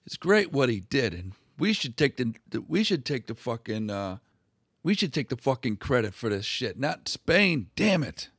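A man's voice: medium pitch, sing-song, normal speed, a bit bright, slightly rough, no room sound, clean studio sound, full character voice. A man voicing a resentful male townsman who gripes in sour, profane complaints.

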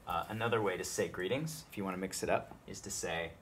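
Low-voiced man teaching spoken Latin. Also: fairly bright tone, slight background noise. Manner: explanatory, repeats phrases slowly for learners. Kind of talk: spoken language tutorial.

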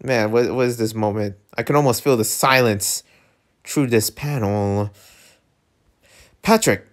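A man's voice: lowish voice, normal speed. A man reading a webtoon aloud and reacting emotionally, often laughing. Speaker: webtoon reader.

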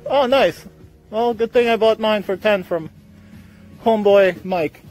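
A man hosts his vlog in a playful, rambling way, cracking jokes between remarks. His voice sits high for a man. He talks into a handheld camera in a big store. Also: measured pace, a little mellow, faint music behind. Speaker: host. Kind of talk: casual vlog chat. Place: big retail store aisle.

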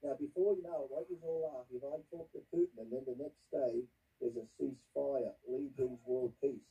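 A man's voice: medium pitch, a little fast, warm tone, distant mic, highs cut off, a little hiss or hum. A man guesting on a casual chat, telling stories with animation and laughing at himself. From Australia.

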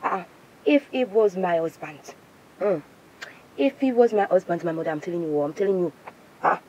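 A woman's voice: lowish voice, moderate pace, dark tone, lo-fi sound, lightly acted. A woman playing a scornful, fed-up young adult daughter in a comedy sketch. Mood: scolding.

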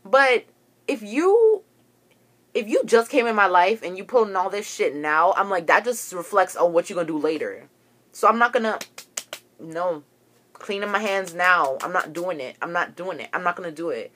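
Young woman venting on her vlog, kinda low voice, swearing a lot, heated. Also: lively intonation, moderate pace, fairly bright tone, slight background noise. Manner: agitated, profane, storytelling. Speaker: vlogger. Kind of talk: ranting to camera.

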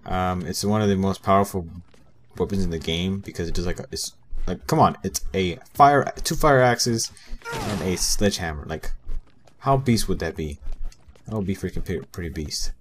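Deep-voiced young man rambling over gameplay. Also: moderate pace. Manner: rambling, many fillers, mutters to himself; talks back to game characters. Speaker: gameplay commentator. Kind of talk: casual let's play commentary.

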